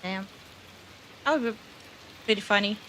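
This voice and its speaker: A woman's voice: mid-range voice, moderate pace, a bit bright, a little hiss or hum. A woman gaming streamer giving casual let's-play commentary, nervous and jumpy as she plays a scary game at home.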